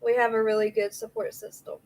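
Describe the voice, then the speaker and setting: A woman's voice: fairly high pitch, monotone, fairly quick, darkish tone, low-quality recording. A woman, hosting a casual livestream, chatty and reacting aloud to viewer comments, a little out of breath. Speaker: livestream host.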